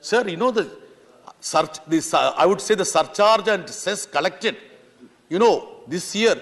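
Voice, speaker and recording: MP, very high voice, fiery floor speech with bursts of shouting, echoing chamber. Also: male voice, a little slow. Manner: impassioned, keeps pleading "sir", sometimes shouting. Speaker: member of parliament. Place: large parliament chamber. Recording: long reverb of a large chamber.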